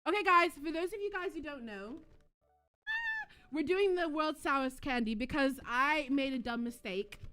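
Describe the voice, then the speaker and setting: A young woman hosting a live stream, chatting casually with her viewers and breaking into excited shrieks and giggles. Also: high voice, normal speed, soft background music. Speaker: livestream host.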